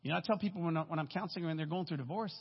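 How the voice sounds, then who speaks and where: A man's voice: on the high side, rapid-fire, breathy edge. A man in his fifties giving a casual, story-filled sermon as a guest speaker. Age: 50s. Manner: casual, storytelling, folksy asides. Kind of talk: conversational sermon. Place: church sanctuary. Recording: echoey hall, dull lo-fi sound.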